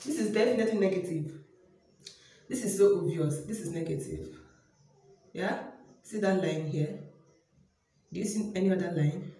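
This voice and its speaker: A young woman with a Nigerian accent talks straight to her viewers in a casual vlog, excitable and prone to repeating herself. Her voice is warm and mellow. The small room she records in at home is very echoey. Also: lowish voice, moderate pace, long pauses. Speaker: vlogger. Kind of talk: casual vlog talking to camera. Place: home room by a toilet, indoors.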